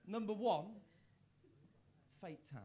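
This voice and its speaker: A young man from the doing a live stand-up set in a comedy club, self-mocking, with stammered restarts and sudden loud punchlines. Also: high voice, animated, takes it slowly. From Worcester, England.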